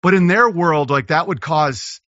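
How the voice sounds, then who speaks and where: A man, a comedian, talking casually as a podcast guest, rambling and riffing with quick impressions. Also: a little high, sharp tone, dry recording, lo-fi sound. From Los Angeles.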